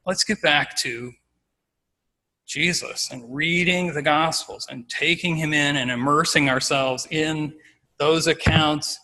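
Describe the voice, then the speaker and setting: Bright-voiced man preaching. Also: fairly high pitch, poor audio. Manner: informal, acts out scenes. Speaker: lay preacher giving an exhortation. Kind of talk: conversational sermon.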